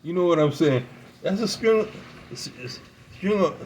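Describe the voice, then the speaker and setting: A man's voice: high-pitched, expressive, a little slow, darkish tone, slight background noise, low-quality recording. A man casually telling a long story, rambling, repeating words and laughing often. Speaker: pipe-smoking video host.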